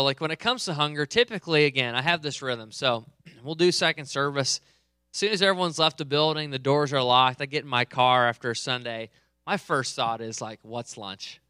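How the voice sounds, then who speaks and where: A man's voice: medium pitch, bright, forceful tone, clean tone, dry recording. A man in his thirties preaching a sermon, telling a personal story in a joking, conversational way, a little under the weather. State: a bit under the weather, coughing. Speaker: pastor. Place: church hall, live service.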